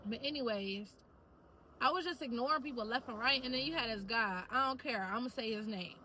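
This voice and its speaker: High, bright-voiced chatty woman vlogger. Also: fairly quick, a little hiss or hum, low-quality recording. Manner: animated, chatty storytelling with lots of slang. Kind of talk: casual talk to camera.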